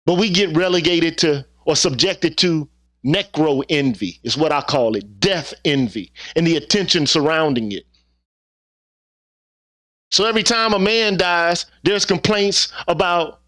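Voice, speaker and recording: A man's voice: a little high, animated, measured pace, fairly bright tone. A man hosting his own channel, delivering a heated opinion monologue with profanity and repeated rhetorical questions. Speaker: channel host.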